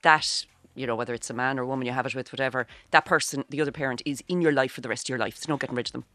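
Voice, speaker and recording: Casting: woman with a Cork accent, rapid delivery, dry close mic, self-deprecating wit. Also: rumbling low, a bit bright, no echo. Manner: brisk, self-mocking anecdotes. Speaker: actor, panel guest. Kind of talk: casual chat.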